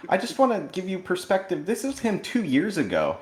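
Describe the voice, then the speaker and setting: A man with a high voice and huge swings in pitch roasts someone on a video call, talking at a moderate pace with hardly any pauses. He trades in sarcastic, mock-earnest jokes and self-deprecating asides. The echoey sound comes from his newly moved-in, sparsely furnished home.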